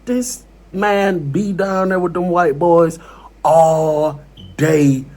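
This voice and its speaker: A man's voice: a little high, steady tone, extremely slow, a little mellow. A man casually telling a story from prison, slangy and laid-back, full of "bro" and "you know what I'm saying".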